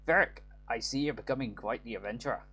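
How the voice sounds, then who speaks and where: Game read: a harsh old dwarf with a put-on brogue, voiced by a man, stern and gruff. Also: medium pitch, fast talker, sharp tone. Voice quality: mock Celtic brogue. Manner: stern, scolding, then pleading.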